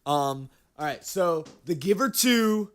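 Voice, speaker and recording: A man's voice: a little high, animated, slow pace, fairly bright tone. A young man co-hosting a drinking book podcast, rowdy and swearing, acting out a silly story with sound effects. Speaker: podcast co-host. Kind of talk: drunk casual chat and storytelling.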